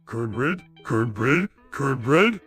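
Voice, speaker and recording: A synthetic male voice imitating a dim-witted cartoon starfish that talks slowly and repeats himself. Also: mid-range voice, sing-song, fairly bright tone, slightly rough, faint music behind, exaggerated voice. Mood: chanting. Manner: slow, repetitive chanting.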